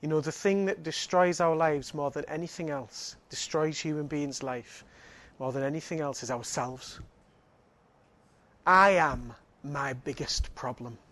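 A man's voice: fairly high pitch, measured pace, long pauses, sharp tone. A man, preaching a sermon and telling a personal story with laughter and frequent restarts. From Northeast England.

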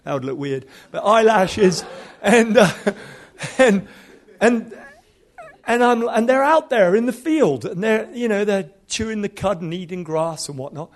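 A man's voice: high-pitched, expressive, a little slow. A man in his fifties, a preacher telling stories in a sermon with humor and animation. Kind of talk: storytelling sermon.

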